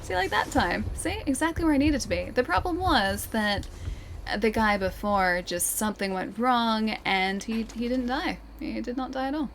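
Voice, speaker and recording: A woman's voice: on the high side, moderate pace, creaky, a little hiss or hum. Giggly Australian woman streaming a game. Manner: chatty, giggly, self-deprecating. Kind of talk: casual gameplay commentary.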